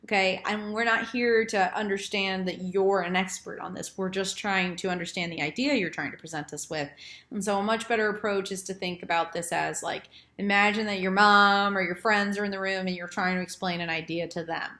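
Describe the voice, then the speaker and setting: A woman giving a casual lesson on presenting, chatty and animated, acting out the thoughts she quotes. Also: medium pitch, brisk. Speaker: presentation skills teacher. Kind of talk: casual instructional talk. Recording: roomy echo.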